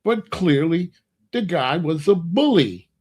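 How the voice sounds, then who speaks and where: A man's voice: a little high, sing-song, slow, darkish tone, husky. A middle-aged man hosting his own commentary channel, talking in a casual opinion monologue and telling stories with sound effects and mock voices.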